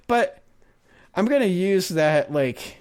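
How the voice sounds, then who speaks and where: A man's voice: high-pitched, sing-song, takes it slowly, a little mellow, clean tone, no room sound, clean studio sound. A man co-hosting a podcast, reading a story and chatting casually, rambling and laughing with mild swearing. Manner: laughing, rambling, profane, mock-formal voices for quotes.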